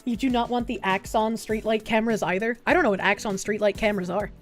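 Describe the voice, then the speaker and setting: A woman streamer chatting casually with her viewers, swearing freely and thinking out loud as she reads their messages. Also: medium pitch, fairly even intonation, fast talker, soft background music. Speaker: live streamer reading chat.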